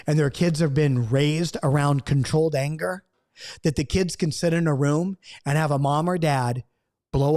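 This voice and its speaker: A man with a fairly high voice gives an impassioned Bible study to camera. He swings from loud acted-out outbursts down to quiet, earnest asides. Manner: acts out quoted outbursts, swings between loud and hushed. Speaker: Bible teacher.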